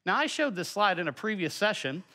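Man, middle-aged, bright tone, conversational lesson, rambling asides. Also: sits high, big pitch swings, fairly quick. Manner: folksy and conversational, with many asides and filler words. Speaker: teacher presenting a children's Bible lesson. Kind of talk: presentation lesson with slides.

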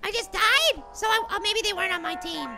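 A performer voicing a tiny, excitable cartoon apple who hosts a gaming video, yelling and giving silly names to the monsters. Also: very high-pitched, a little fast, vocal fry, music in the background. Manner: excitable, shrieks and yells, silly name-calling. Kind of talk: cartoon character game commentary.

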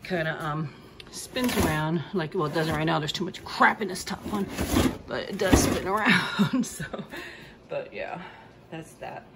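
Chatty woman with a sing-song voice, low-pitched. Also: a little slow, vocal fry, heavy background noise. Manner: sing-song baby talk to her dog, chatty explaining otherwise. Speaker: vlogger and pet owner. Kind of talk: casual home vlog, talking to her dog. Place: home and yard, indoors and outdoors.

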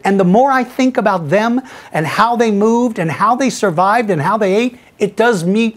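Middle-aged male podcast host; enthusiastic, chatty, quick to laugh. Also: sits high. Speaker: podcast host answering listener questions. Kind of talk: casual Q&A chat, reading emails aloud.

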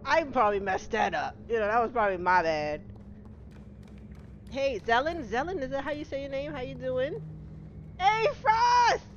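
Woman streamer chatting w viewers, swoopy lively voice, bit muffled w steady hiss behind. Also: on the high side, moderate pace. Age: middle-aged. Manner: chatty, greets viewers by name, laughs often. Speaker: game streamer. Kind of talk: casual live-stream gaming chat. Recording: slightly dull home-stream audio with steady noise.

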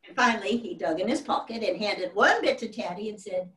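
Brisk and a bit bright, her mid-range voice stays close to everyday speech. She's an actress in a live one-woman historical show, playing a genteel 1800s widow and first lady who recounts family tales with affectionate, exclamatory chatter. A far-off mic captures her in a spacious hall before an audience.

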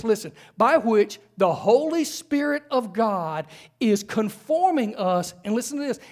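A man's voice: very high voice, darkish tone. A man preaching a sermon in a church, conversational, with frequent rhetorical questions. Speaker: pastor. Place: church sanctuary.

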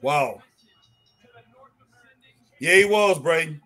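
Guy hyped up reading chat comments, kinda high bright voice. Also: extremely slow. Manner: excitable, exclaims at the action. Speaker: co-host of a live wrestling watch-along.

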